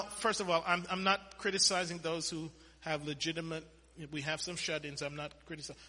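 A man preaching a sermon in an animated way, quoting scripture and breaking into sudden loud bursts, in a church hall. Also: sits high. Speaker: pastor. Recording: long hall reverb.

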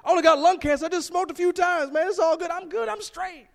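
A man's voice: extremely high pitch, fast, creaky, in a large hall, voice pushed up. A man voicing a defensive, slangy man who insists his addiction is nothing. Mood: dismissive. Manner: slangy, dismissive, insisting he is fine.

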